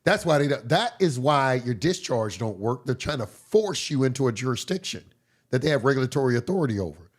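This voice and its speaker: A man giving a casual livestream lecture as a course instructor, blunt and profane, his voice hoarse from a cold. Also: medium pitch, animated, a little fast.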